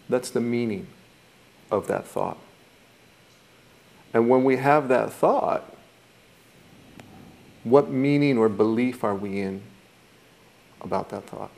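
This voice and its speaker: A man's voice: medium pitch, slow pace, gravelly, long pauses, a little mellow. A man teaching a mindfulness course in a thoughtful, reflective way, now and then acting out how people react. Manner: thoughtful, acts out quoted reactions.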